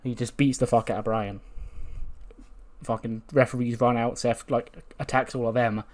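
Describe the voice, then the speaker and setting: A man narrating a let's play of a wrestling management game. He recounts the action quickly and excitedly, with casual swearing. His voice sits at an ordinary middle pitch. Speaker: game commentator.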